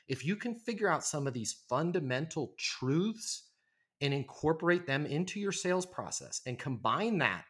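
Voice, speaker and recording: A man's voice: mid-range voice, fairly bright tone. Man in his forties, sales-trainer guest on a podcast, emphatic and persuasive, keeps checking in with "right?". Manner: emphatic, persuasive, frequent "right?" tag questions. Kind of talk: conversational podcast interview.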